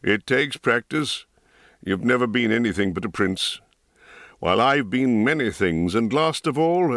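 A man voicing a calm, dryly humorous older male wizard in a dry, close audiobook recording. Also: on the low side, dry recording, full character voice.

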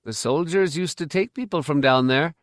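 A man's voice: on the high side, moderate pace, dry recording, studio quality, pitched above the performer's own voice, lightly acted. A man putting on an indifferent older woman. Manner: flat, indifferent.

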